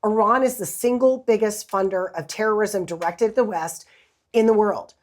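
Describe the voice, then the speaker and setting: A woman's voice: medium pitch, normal speed. A woman co-hosting a political talk show, speaking in an earnest, emphatic way. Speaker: co-host.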